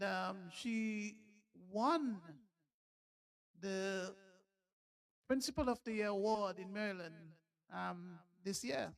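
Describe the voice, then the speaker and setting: A man with a gravelly voice talks wryly at a live event, pausing and hedging as he goes. He sounds careful and a little amused. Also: high voice.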